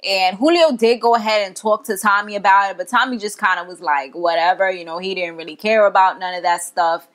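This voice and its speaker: A woman's voice: mid-range voice, a little fast, few pauses, a bit bright. A young woman giving a casual, slangy recap of a TV episode, chatting and laughing as she goes. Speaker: TV show reviewer.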